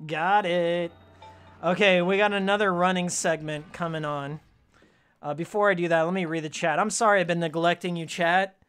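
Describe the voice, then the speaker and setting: A man's voice: high-pitched, fairly even intonation, moderate pace, a bit bright, smooth, soft background music. A man streaming a video game, chatting casually with his viewers in a heated, sarcastic rant with frequent laughs. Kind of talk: casual live-stream chat while playing.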